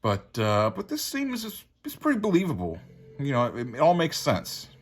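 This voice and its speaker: A man's voice: a little high, huge pitch swings, normal speed, slightly rough, soft background music. A man casually reviewing a comic book, rambling and laid-back with lots of fillers.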